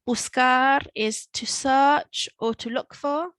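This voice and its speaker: Woman, Spanish teacher, flat steady delivery, dry close sound, careful repetition. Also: high-pitched, no echo, low-quality recording. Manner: slow, careful modelling of Spanish phrases. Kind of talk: recorded language lesson.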